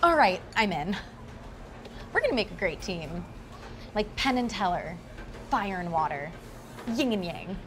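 Woman playing an excitable young partner-in-crime. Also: medium pitch, measured pace, pauses often, background noise. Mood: coaxing, playful. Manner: excitable, rambling, needling. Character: impulsive young woman, a hitman's eager new partner. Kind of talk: web series drama acting.

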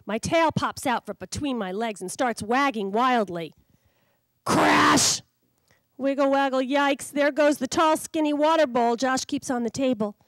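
A woman, a children's author, reading her storybook aloud in an animated, expressive way at a public library. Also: high voice, moderate pace, hardly any pauses, dry recording.

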